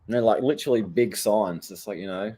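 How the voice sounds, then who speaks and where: A man's voice: on the low side, a little fast, a little hiss or hum. Sweary Australian man ranting casually. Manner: sweary, blunt, animated. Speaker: surfer vlogger.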